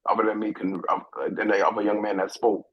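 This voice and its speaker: A husky middle-aged man from New York tells a personal story with lively, halting energy, circling back over his own words. The sound is dry and close, with a dull, lo-fi edge. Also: on the low side, dry recording. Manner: animated, restarts often, repeats words while thinking. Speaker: guest.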